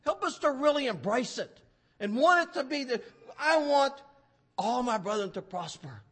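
Man, preacher, very high voice, lively swooping pitch, fervent sermon. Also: normal speed, breathy edge. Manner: fervent, with sudden loud emphasis.

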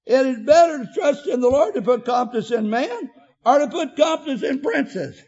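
An older man preaching an emotional sermon, often shouting, with a filler 'uh' between phrases. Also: extremely high pitch, animated, moderate pace, lo-fi sound.

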